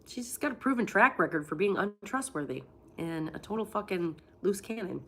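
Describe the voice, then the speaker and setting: A woman's voice: fairly low pitch, expressive, a little fast, a bit bright. A woman in her forties who has a cold, telling blunt, profane stories on a casual livestream and acting out what people said. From Florida. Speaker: livestream host. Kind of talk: casual live-stream storytelling.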